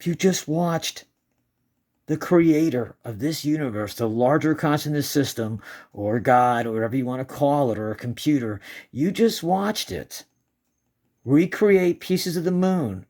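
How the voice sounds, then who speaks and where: A man's voice: a little high, animated, a little slow, a little mellow. A man casually narrating his own footage in a rambling way with restarts, often breaking into giggles. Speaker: amateur moon filmer. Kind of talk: casual excited commentary.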